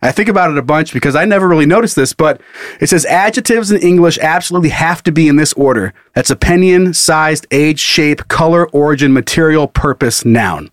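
A man co-hosts a loose comedy podcast, trading jokes and cursing freely. His voice sits a little high for a man and comes across close and dry, with no room sound. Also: fairly quick, dry recording. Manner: jokey, profane, laughs often. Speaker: podcast co-host. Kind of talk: casual comedic chat.

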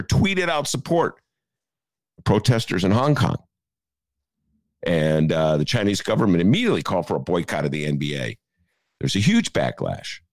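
Male co-host, gravelly voice, very lively swings, sarcastic, dry close sound. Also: on the low side, dry recording. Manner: animated and sarcastic, mocking asides. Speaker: podcast co-host. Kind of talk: opinionated political chat.

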